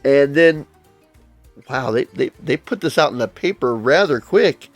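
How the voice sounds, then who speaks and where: A man's voice: mid-range voice, expressive, normal speed, no echo, soft background music. A man casually reviewing an old comic book, reading panels aloud and adding wry comments.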